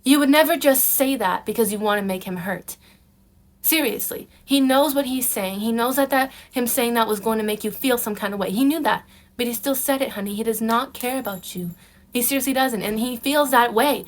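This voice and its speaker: A woman's voice: fairly high pitch, fairly quick. A young woman talking casually in a dating advice vlog, emphatic and repetitive, calling the viewer honey. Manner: emphatic, repeats herself, calls the viewer honey. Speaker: vlogger giving dating advice.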